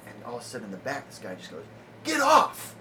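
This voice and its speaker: Rambling comedian telling a story, noisy recording. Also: male voice, fairly low pitch, racing, a bit bright. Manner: rambling, laughs often, many "like" fillers. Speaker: comedian guest. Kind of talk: casual storytelling. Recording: audible background noise.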